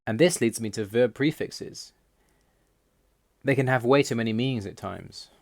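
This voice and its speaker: A man giving a scripted voice-over explanation, reading out word lists slowly and in a measured way. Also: medium pitch, vocal fry, a little mellow, dry recording, clean studio sound. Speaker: language learner explaining Russian.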